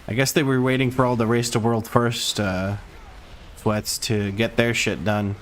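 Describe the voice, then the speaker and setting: A man's voice: mid-range voice, little pitch movement, a little slow, a little hiss or hum. A man streaming a game, giving casual, wry, joking commentary as he plays. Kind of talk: live gameplay commentary.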